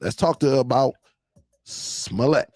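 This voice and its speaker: A man's voice: mid-range voice, animated, slow, a little mellow, dry recording. A man hosting a casual live-stream show, talking loosely to his viewers and laughing often.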